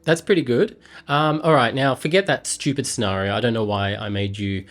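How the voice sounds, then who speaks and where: A man's voice: mid-range voice, brisk, soft background music. An Australian man vlogging, chatting playfully with an AI in a rambling way that often trails off. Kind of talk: casual chat with an AI.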